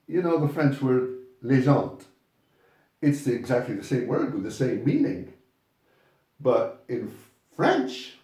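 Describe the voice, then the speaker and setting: A man's voice: mid-range voice, dark tone. A man teaching English pronunciation in a classroom, patiently repeating words and calling on students. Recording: echoey classroom from far off.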